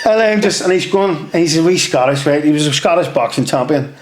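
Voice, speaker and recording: Brief: male podcast guest, casual storyteller, slightly high voice, echoey room. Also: a little fast. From Northern Ireland. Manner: lively, swears freely, acts out quotes. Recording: roomy echo.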